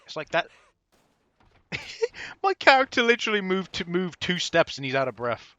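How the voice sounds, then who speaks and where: A man's voice: sits high, sing-song, fast, pushed and bright, no echo, dull audio. A man giving casual, profane and sarcastic commentary while playing a video game, with frequent laughing asides. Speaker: gameplay commentator. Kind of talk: casual let's-play commentary.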